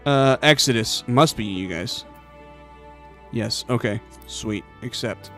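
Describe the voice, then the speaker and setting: A man's voice: mid-range voice, slow, pushed and bright, soft background music. A man giving casual, offhand commentary while playing a video game. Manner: offhand, muttering. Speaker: gamer.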